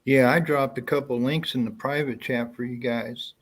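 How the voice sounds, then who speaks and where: A man on a call speaking in a halting way, with many pauses and ums. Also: medium pitch, fairly even intonation, crowd noise. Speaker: call-in guest. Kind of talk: casual call-in chat.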